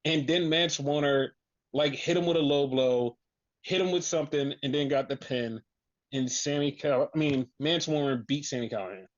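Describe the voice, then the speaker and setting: A podcast host recapping wrestling in casual chat, telling it in an excited, profane way with lots of "like" fillers. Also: medium pitch, moderate pace. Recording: dull lo-fi recording.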